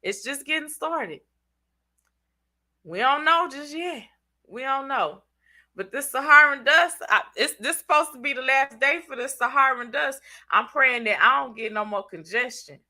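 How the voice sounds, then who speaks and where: A woman with a Southern US accent hosts a casual live stream, her voice very bright and edged and sitting a little high. She sounds congested as she chats in loose slang and teases her viewers by name. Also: animated, moderate pace. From Southern United States. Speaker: channel host reading live chat.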